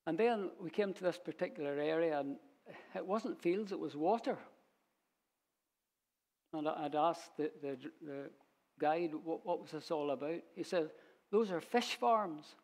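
A man teaching a Bible sermon in a church, unhurried and storytelling as he quotes verses. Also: on the high side, dark tone. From Scotland. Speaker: preacher.

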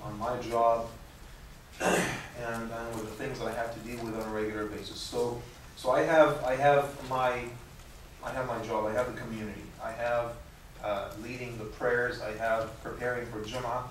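A man serving as imam talks through a lecture in a loose, conversational way, circling back and repeating words as he thinks. His voice sits in an ordinary middle range. It comes from some distance in a strongly reverberant room with a faint hiss underneath. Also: medium pitch. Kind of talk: lecture with audience questions. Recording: echoey room from far off, faint noise.

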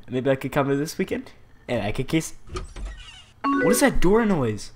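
A young man hosting a let's play, joking and reading chat messages aloud in an animated voice. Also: mid-range voice, takes it slowly, pauses often. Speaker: gaming channel host. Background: loud game music.

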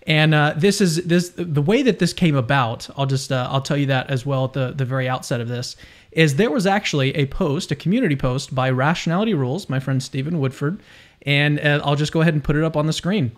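A man's voice: fairly high pitch, a little fast. A young adult man hosting a casual video discussion, chatty and enthusiastic with frequent restarts. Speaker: host.

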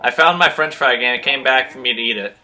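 A man's voice: medium pitch, fast, noisy background. A young man hosting a gaming video, chatting in a goofy, playful way. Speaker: gaming channel host. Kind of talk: casual gaming chat.

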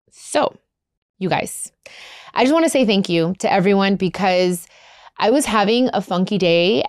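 A chatty woman host answering listener questions in a candid, heart-on-sleeve way, slipping in Spanish phrases now and then. Her voice sits at a middle pitch and sounds close and dry, with no room around it. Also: darkish tone, clean tone, no echo. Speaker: advice podcast host. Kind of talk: casual chat.

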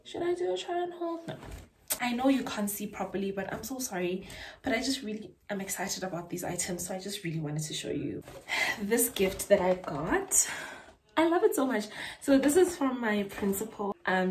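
A young woman, chatting casually and excitedly about clothes she bought, gushing and slangy. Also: mid-range voice, moderate pace, a little hiss or hum. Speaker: vlogger and school teacher. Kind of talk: casual haul chat.

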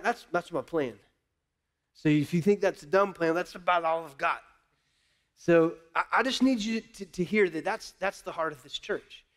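Man, pastor, sermon, high-pitched, impassioned, candid, repeats words.

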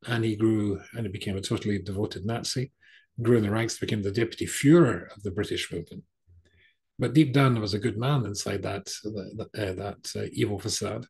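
Middle-aged male rabbi telling a story in a sermon, husky gravelly voice, lots of ums. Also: lowish voice, brisk, a little mellow. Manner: conversational, with frequent fillers and restarts.

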